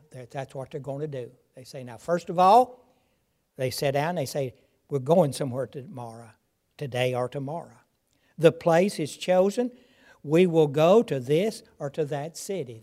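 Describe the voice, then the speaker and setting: Slow, emphatic older male preacher. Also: fairly high pitch, dark tone. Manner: slow, emphatic, repeats key phrases. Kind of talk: sermon.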